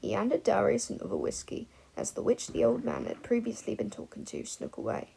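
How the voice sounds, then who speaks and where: A woman narrating a fan fiction audiobook in an expressive, animated way. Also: medium pitch, a little fast, vocal fry, few pauses, slight background noise, poor audio.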